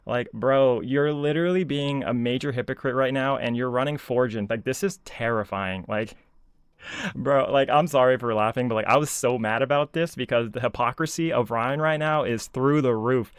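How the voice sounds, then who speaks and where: A man's voice: medium pitch, normal speed, clear, resonant tone, dry recording, studio quality. A man ranting casually as a video commentator, sarcastic and exasperated, full of filler words. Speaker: YouTube commentator.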